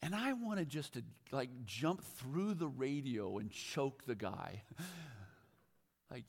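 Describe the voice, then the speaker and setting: A man's voice: mid-range voice, animated, slow pace, slightly rough. Middle aged guy pastor, chatty self-deprecating sermon, big church echo. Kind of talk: conversational sermon. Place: church sanctuary.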